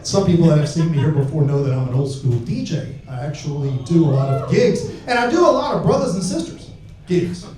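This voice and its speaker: A crude, brash man works a stand-up set through a handheld mic, his voice pitched high for a man. He sounds far off in a very echoey club. Audience laughter rolls behind him. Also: big pitch swings, a little fast, warm tone. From Alabama. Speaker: stand-up comedian. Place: comedy club stage. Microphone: handheld microphone. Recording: echoey room, heard from afar.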